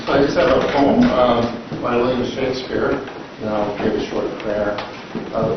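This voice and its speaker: A man with a mid-range voice recites a poem and a short prayer at a council meeting, measured and solemn. His voice carries from a distance through a large, echoing room, with dull sound and a steady noise underneath. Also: mid-range voice. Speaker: council member giving the opening reading. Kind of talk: reading a poem and a prayer aloud. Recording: echoey chamber from far off, dull and noisy.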